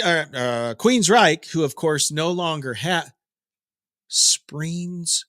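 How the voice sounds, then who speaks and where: A man's voice: fairly high pitch, expressive, slow pace, a bit bright, no echo, studio quality. A middle-aged man hosting a daily rock news update, chatting casually with jokes and digressions. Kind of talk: casual rambling commentary.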